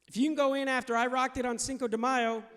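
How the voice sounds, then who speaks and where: Speaking fast in an extremely high, fairly bright voice that barely moves in pitch, a comedian plays to a club crowd. He laughs along with his jokes and acts out other people's voices as the audience laughs and murmurs around him.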